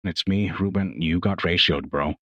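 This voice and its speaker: A streamer putting on a smug deep synthetic man. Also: no echo, dull audio. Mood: mocking. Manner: smug, mocking, slow and flat. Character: fake AI clone of a man, taunting. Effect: voice synthesis filter.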